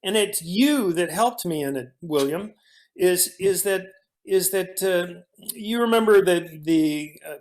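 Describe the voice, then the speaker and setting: A man, an actor guest, telling animated stories from a film set, often restarting his sentences. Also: high-pitched, slow pace. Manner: animated storyteller, frequent restarts. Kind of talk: casual storytelling in a conversation.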